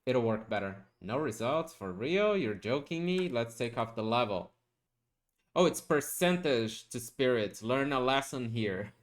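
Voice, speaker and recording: A man giving a casual game tutorial, talking through steps while he plays and often checking in with a quick "okay?"; he gets excited when he spots good items. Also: mid-range voice. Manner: chatty, explanatory, ends points with a questioning "okay?". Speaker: gaming guide creator.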